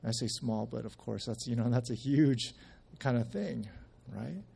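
A man's voice: mid-range voice, a little slow, vocal fry, warm tone, husky. A man giving a casual church testimony, telling a story in a conversational way with many restarts and acting out the quoted speech. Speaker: church member sharing at a service.

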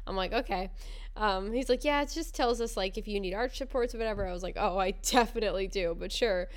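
A woman's voice: mid-range voice, fairly even intonation, quick pace. A young adult woman telling a funny story in casual podcast chat, laughing often and acting out the people she quotes. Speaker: podcast co-host.

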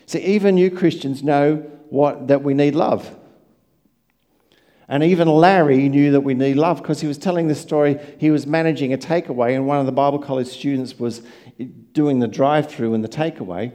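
A man preaching a sermon, telling stories and swinging from quiet asides to loud emphatic lines. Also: a little high, fairly even intonation, normal speed. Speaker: pastor.

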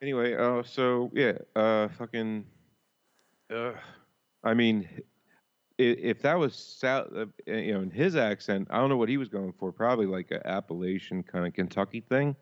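A man's voice: lowish voice, normal speed. A man co-hosting a podcast in casual chat, blunt and sardonic, swearing a lot. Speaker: podcast co-host. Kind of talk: casual chat reviewing a TV episode. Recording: dull lo-fi mic.

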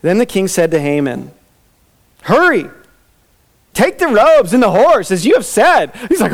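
A man's voice: high voice, sing-song, measured pace, pauses often. A man preaching a sermon, reading scripture aloud and acting out the characters' voices with laughter. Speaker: pastor.

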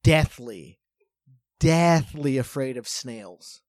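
Drawing out his words in a mid-range voice, a man co-hosting a podcast spins a lengthy, animated tale in loose conversation, packed with filler words. The recording is dry and clean, studio style.

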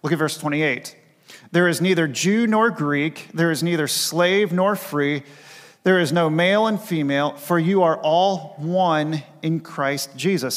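Man preaching in a reverberant church. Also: fairly high pitch. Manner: earnest preaching, repeating key phrases for emphasis. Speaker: pastor. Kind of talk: sermon. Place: church sanctuary.

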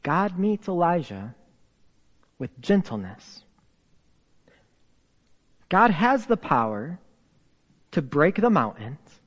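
Pastor guy with a high voice, slow dramatic sermon, drops to whispers, big hall reverb. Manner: dramatic swings from raised emphasis to hushed whispers; slow, deliberate delivery with pauses.

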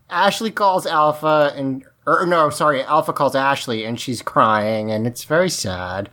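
Unhurried co-host recapping a show, halting, lots of "uh" and "like", medium pitch. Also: animated, a bit bright. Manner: unhurried, halting, many fillers and restarts. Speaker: podcast co-host recapping an episode. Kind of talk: casual chat.

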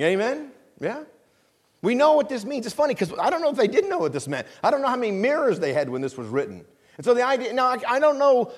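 A middle-aged pastor with a high voice preaches conversationally from a church sanctuary, regularly prompting the congregation to respond and slowing his delivery whenever he emphasizes scripture.

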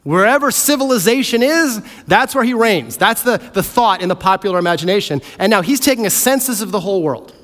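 A man preaching a sermon as pastor, animated and playfully acting out characters. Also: high-pitched, brisk, hardly any pauses. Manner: animated, acts out voices of characters. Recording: hall reverb.

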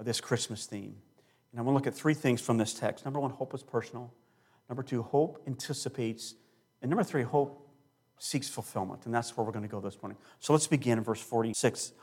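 A male pastor preaching a sermon with emphasis, slowing down and repeating key words. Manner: emphatic preaching with big swings in loudness and pitch.

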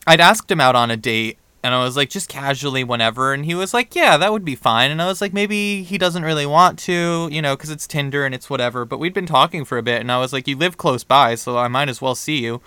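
A young man co-hosting a podcast, telling a story in a casual, animated way and acting out the dialogue. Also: mid-range voice, quick pace, hardly any pauses, smooth, no echo. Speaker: podcast co-host.

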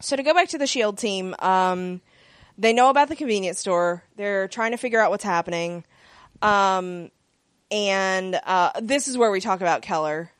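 A woman's voice: mid-range voice, moderate pace, clean tone, dry recording. A woman in casual chat, recapping an episode in a rambling way with many fillers. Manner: rambling, lots of fillers and laughs. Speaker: podcast co-host recapping a TV episode.

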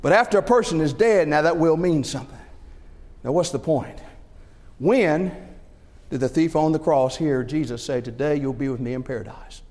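A middle-aged man preaching a sermon, animated, asking rhetorical questions and acting out everyday scenarios. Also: a little high, moderate pace. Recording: long hall reverb.

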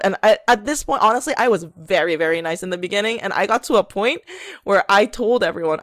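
A woman's voice: medium pitch, fairly quick, no room sound, clean studio sound. Young woman telling a workplace story. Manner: animated storyteller, acts out quotes, laughs often. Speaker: podcast co-host. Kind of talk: casual chat, storytelling.

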